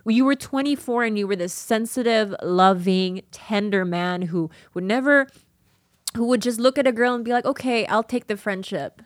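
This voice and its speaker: A woman podcast host reading a diary aloud and chatting, emotional and quick to laugh. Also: on the high side, no room sound, clean studio sound.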